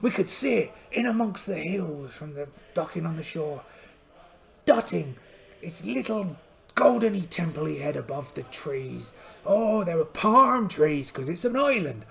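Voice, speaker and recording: A gravelly, high-pitched pirate captain with one eye, blustering and cheerful, as a man puts him on. He narrates a solo tabletop voyage with theatrical exclamations, and his pitch swoops widely from phrase to phrase. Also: sing-song, a little slow, a bit bright, exaggerated voice. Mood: storytelling.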